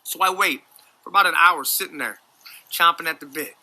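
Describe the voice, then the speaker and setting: A man's voice: on the high side, a little fast, sharp tone, a little hiss or hum. A man in his forties from the United States telling a combative story in a profane, mocking rant. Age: 40s. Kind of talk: ranting storytelling.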